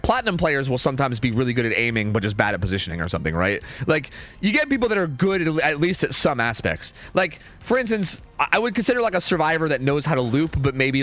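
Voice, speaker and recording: A man's voice: mid-range voice, fairly bright tone. A young man streaming, ranting casually in a rambling way, full of "like" and "dude" and some swearing.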